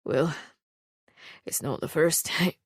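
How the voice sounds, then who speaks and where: A terse, deadpan immortal swordsman, read by a woman, speaks slightly lower than her usual voice in a calm, dry way. The storybook recording is close and dry. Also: slow, slightly rough, dry recording, full character voice. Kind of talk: audiobook character voice.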